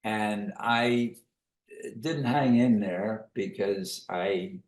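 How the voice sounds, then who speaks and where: Older-sounding guy talking slow and halting, lowish voice, echoey room. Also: darkish tone. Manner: halting and thoughtful, many pauses. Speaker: author guest. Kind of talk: reflective interview talk.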